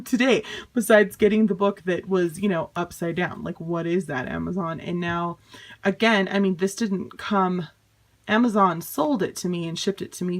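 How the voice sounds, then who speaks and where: A young woman in a casual home unboxing vlog, chatty and exasperated, swearing and laughing things off. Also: lowish voice. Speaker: vlogger.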